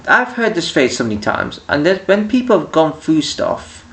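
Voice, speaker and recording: Man, gravelly, casual rant, rambling, echoey room, a bit off-mic. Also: on the high side, fairly bright tone, recorded from a distance, slight background noise. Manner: rambling, with many restarts and quoted voices. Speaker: vlogger. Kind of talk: casual opinion rant to camera.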